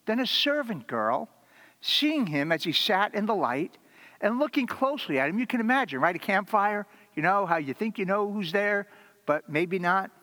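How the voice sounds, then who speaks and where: A man preaching a sermon as a pastor, telling the story dramatically and swinging from loud to hushed. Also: sits high, big pitch swings, normal speed, big-room sound.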